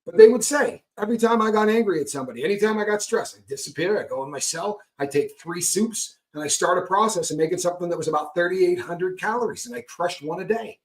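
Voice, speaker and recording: A middle-aged man speaking candidly and emphatically, his voice sitting a little high for a man. He hammers points home with repeated rhetorical checks. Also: lively intonation, fast talker, few pauses. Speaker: guest speaker on recovery. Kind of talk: candid conversational talk.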